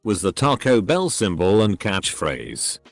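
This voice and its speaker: Guy reading out stories, lowish voice, bouncy intonation, soft music behind. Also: wildly swooping pitch, unhurried, vocal fry, no echo. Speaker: narrator reading online posts. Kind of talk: scripted narration.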